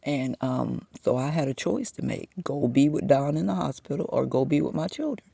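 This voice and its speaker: A man's voice: medium pitch, normal speed, vocal fry, dark tone, slightly rough, no room sound. A man in his fifties talking to the camera in a personal monologue, venting his frustration as he tells a story. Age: 50s.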